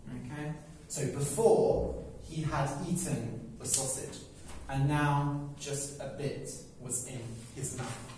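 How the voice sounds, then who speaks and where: A man telling a simple story slowly for English learners, often repeating words and checking that listeners follow. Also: mid-range voice, steady tone, a little mellow, slight background noise. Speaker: English teacher. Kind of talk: slow story-telling lesson. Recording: echoey room, mic at a distance.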